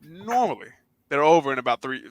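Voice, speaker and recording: A man co-hosting a podcast, telling a long story in casual chat, acting out quotes loudly and swearing freely. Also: fairly high pitch, sing-song, a little fast, a crowd in the background. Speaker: podcast co-host.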